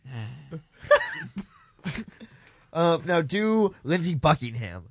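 A man's voice: a little high, big pitch swings, breathy edge, dry recording. A man in a casual chat among friends, calling out who to impersonate next and laughing along. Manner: pushy, laughing, rapid-fire prompts. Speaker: game leader calling out impressions.

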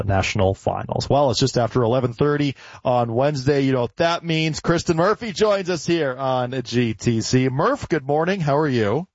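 A man hosting a golf radio talk show in a relaxed, casual way. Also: mid-range voice, vocal fry, no room sound. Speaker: radio host. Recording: dry, slightly dull studio sound.

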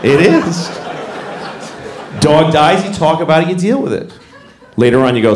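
A man's voice: moderate pace, pauses often, some chatter behind. A middle-aged man doing stand-up comedy, telling stories and acting out characters with big jumps in his voice. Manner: animated storytelling, acts out characters with big pitch jumps. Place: comedy club stage with audience. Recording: roomy live venue with noise.

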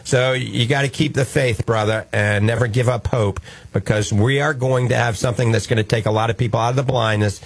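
A man's voice: medium pitch, steady tone, fairly quick, husky. A man with a New Orleans accent hosting a call-in health radio show as a doctor, folksy and reassuring. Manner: folksy, reassuring, chatty with laughs.

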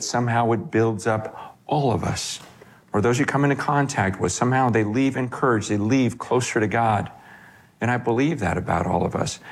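A middle-aged man, a pastor, preaching a sermon in a lively way, often stumbling and repeating words as he starts a thought. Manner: animated, wide pitch swings, repeats words when starting.

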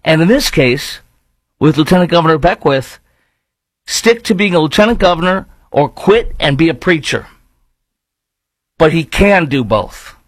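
A man's voice: on the high side, lively intonation, measured pace, pauses often, no echo, low-quality recording. A man hosting a show of opinionated political commentary, talking in a sarcastic, argumentative way. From lives in Dallas-Fort Worth.

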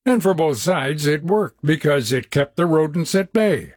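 A man hosting, reading scripted narration in a measured, explanatory way. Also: fairly high pitch, expressive, a little mellow, no room sound. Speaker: host.

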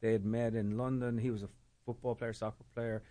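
A man with a Dublin Irish accent, a guest in a reflective interview, talking haltingly with many fillers and repeated words. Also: medium pitch, little pitch movement, warm tone. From Ireland. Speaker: guest, storytelling organizer.

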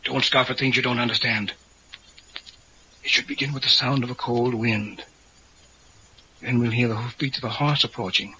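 An eager occult mentor. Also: male voice, mid-range voice, moderate pace, long pauses, slight background noise, poor audio. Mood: intent. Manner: urgent, commanding, excitable. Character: eager older male occult enthusiast, mentor. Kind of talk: radio drama acting.

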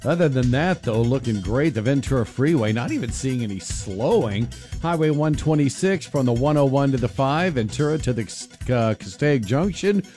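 A man delivering a radio traffic report in a relaxed, conversational manner. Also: mid-range voice, moderate pace, soft background music.

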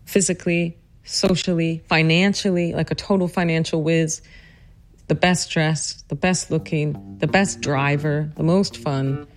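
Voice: medium pitch, steady tone, a little slow. Earnest narrator over faint music. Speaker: host and narrator. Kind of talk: reflective personal narration and interview.

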